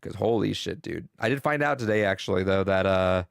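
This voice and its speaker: Gravelly, profane young man chatting games. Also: low voice, fairly quick, no room sound. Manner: profane, rambling, excitable. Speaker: podcast co-host. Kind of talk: casual gaming chat.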